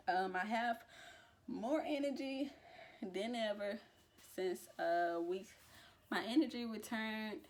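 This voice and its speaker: A young woman talking casually to camera in a vlog, chatty and relaxed, with frequent fillers and restarts. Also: medium pitch. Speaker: vlogger. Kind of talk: casual pregnancy update vlog.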